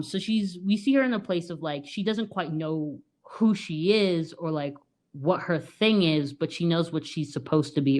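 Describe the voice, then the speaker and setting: Woman podcast host, low voice, chatty, filler-heavy, laughs often, casual film recap.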